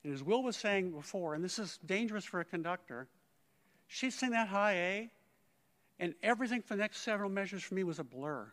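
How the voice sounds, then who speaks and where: Speaking at a memorial, this male conductor gives an emotional eulogy full of anecdotes and quotations from others. He talks fairly quickly in a high, fairly bright voice with lively intonation, and a large hall lends the recording a long reverb.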